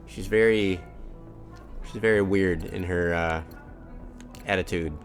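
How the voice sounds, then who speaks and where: Man, gaming streamer, low voice, chatty live commentary, faint game music behind. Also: steady tone, slow. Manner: chatty, talks to his cat and himself.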